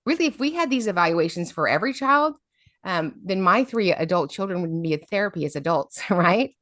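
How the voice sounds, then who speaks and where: A middle-aged woman tells stories as an interview guest. She often checks in with "right?" Her voice sits a bit low, and the recording is dry and close. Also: a little fast, dry recording. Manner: lively storyteller, often adds "right?". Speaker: special education advocate, guest. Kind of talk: storytelling interview talk.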